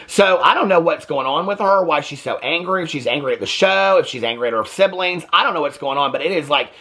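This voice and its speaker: A man's voice: fairly high pitch, expressive, quick pace, bright, forceful tone. A man hosting a chatty, opinionated recap of a reality TV show, full of "like" fillers. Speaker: TV recap host. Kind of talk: casual reality TV commentary.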